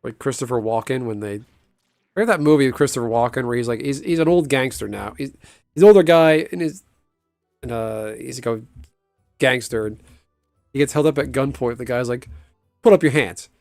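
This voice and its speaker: A man in the middle of an ordinary pitch range chats casually during a game stream. He rambles, swears freely and laughs often. His voice sounds dry and close, with faint music underneath. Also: a little fast, creaky, pauses often, a little mellow, no room sound. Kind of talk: casual chat while gaming.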